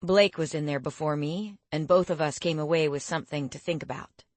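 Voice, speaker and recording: A woman voicing a jovial, confident teenage boy who talks in a relaxed, teasing way. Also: sits low, fairly quick, no room sound, lightly acted.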